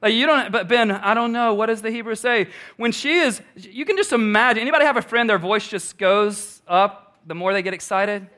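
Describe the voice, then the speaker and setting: A man's voice: high-pitched, fairly quick, few pauses, sharp tone. A male pastor preaching a sermon, emphatic, repeating key lines and putting questions to the congregation.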